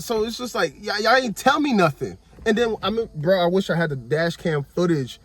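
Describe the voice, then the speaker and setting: Animated high-voiced young man telling a story. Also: moderate pace, hardly any pauses. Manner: animated, repeats "I was like", acts out dialogue. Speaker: vlogger. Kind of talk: casual storytelling.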